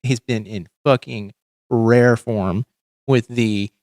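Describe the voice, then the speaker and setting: A man's voice: medium pitch, fairly even intonation, takes it slowly, darkish tone, dry recording, studio quality. A man hosting a livestream, ranting in casual commentary with heavy swearing and frequent restarts. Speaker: livestream host.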